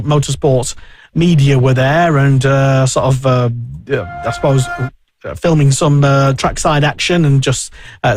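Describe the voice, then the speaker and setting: A man's voice: mid-range voice, a little mellow, no echo. A man hosting a casual motorsport radio chat, talking in a rambling way with many fillers and restarts. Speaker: radio show host.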